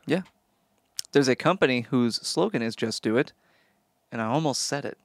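A man co-hosting a podcast, talking in an animated way, blurting out pop culture references and swearing casually. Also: mid-range voice, normal speed, dry recording. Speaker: podcast co-host and actor. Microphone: studio podcast microphone.

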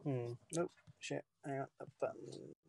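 A man's voice: medium pitch, measured pace, vocal fry, darkish tone, dry recording. A man co-hosting a podcast in casual chat among friends. He talks loosely, stops and restarts often, and swears now and then. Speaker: podcast co-host.

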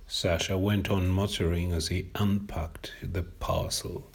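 A man reading a short story aloud as narrator, in an expressive, measured way. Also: low voice, gravelly, slightly rough.

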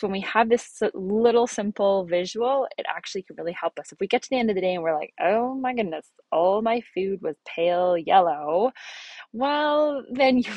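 A middle-aged woman giving a casual instructional talk about habits and nutrition, earnest and animated, speeding up and slowing down as she makes her points. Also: medium pitch, dry recording. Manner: earnest, animated, with bursts of faster and slower phrasing.

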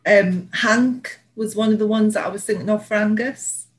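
A Northeast England woman co-hosts a podcast, rambling through stories in a casual chat full of fillers and laughter. Her mid-range voice holds a steady tone at a moderate pace, though the recording is rough.

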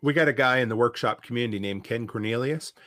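A man's voice: medium pitch, quick pace, fairly bright tone, no room sound, studio quality. A man from Nova Scotia hosting a podcast, chatting with a guest in an easygoing, enthusiastic way. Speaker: podcast host. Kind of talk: casual interview chat.

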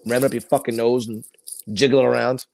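A man's voice: medium pitch, level tone, brisk, creaky, a little mellow. A man, co-hosting a podcast and telling rambling, profane stories in casual chat. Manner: rambling storytelling with heavy swearing. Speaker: podcast co-host.

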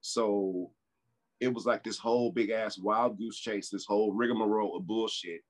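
A man co-hosting a casual podcast, telling a story in a loose, relaxed way. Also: on the low side, moderate pace. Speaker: podcast co-host.

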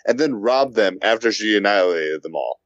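A man's voice: lowish voice, animated, fairly quick, a bit bright, no echo, lo-fi sound. A man co-hosting a casual comic book podcast, speaking bluntly and critically. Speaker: podcast co-host.

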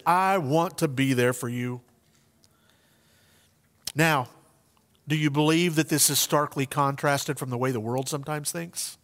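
A male pastor preaching a sermon in an earnest, conversational way, shifting between soft and emphatic delivery in a church sanctuary. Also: fairly high pitch, long reverb tail.

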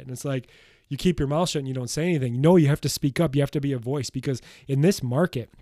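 A man's voice: mid-range voice, quick pace, warm tone, dry recording, clean studio sound. A man hosting a solo podcast, talking bluntly and emphatically in a motivational way, with casual swearing. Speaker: podcast host.

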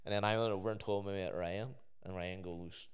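Smooth, low-voiced Scottish man. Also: steady tone, a little fast. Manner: laid-back anecdotes, says "aye" a lot. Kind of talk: casual podcast chat.

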